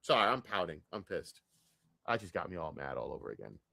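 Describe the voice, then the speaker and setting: A man ranting in a casual, profane stream rant, jumping from loud outbursts to low grumbling. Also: brisk, creaky, no echo, clean studio sound. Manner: profane, excitable, swings between loud outbursts and mutters.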